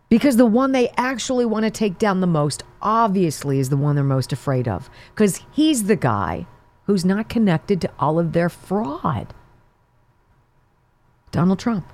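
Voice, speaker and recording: Female talk host, sarcastic and mocking; animated delivery, close dry mic. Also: medium pitch, dry recording. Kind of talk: political talk commentary.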